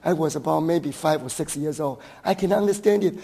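A man's voice: fairly high pitch, fairly quick, vocal fry, mellow, breathy edge. A middle-aged man with a Taiwanese accent, a pastor preaching a sermon, telling stories and building to emphatic rhetorical questions. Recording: long hall reverb.

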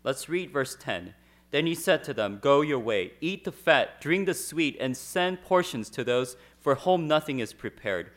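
A man interpreting a sermon phrase by phrase, measured and steady, at times reading scripture aloud. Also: medium pitch.

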